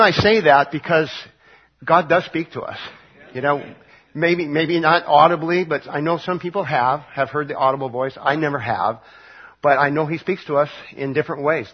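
A man preaching a midweek Bible study sermon, halting and full of fillers and restarts. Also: on the high side, slightly rough, highs cut off. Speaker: pastor.

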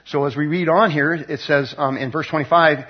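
A man with a fairly high, husky voice talks through a Bible story in a loose, chatty way. He reads verses aloud and retells them with lots of fillers and restarts. The recording sounds dull and lo-fi. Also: steady tone, normal speed. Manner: conversational, rambling with many fillers and restarts. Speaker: Bible teacher. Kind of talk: casual Bible teaching.

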